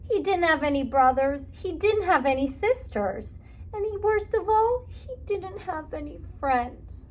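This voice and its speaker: A teacher reading a picture book aloud to young children in an expressive, warm manner. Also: female voice, sits high, a little hiss or hum. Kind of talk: children's story read-aloud.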